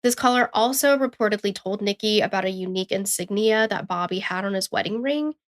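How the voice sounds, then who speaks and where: A woman co-hosting a true-crime podcast, reading the case notes in a steady, matter-of-fact way. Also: medium pitch, a little fast. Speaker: podcast co-host.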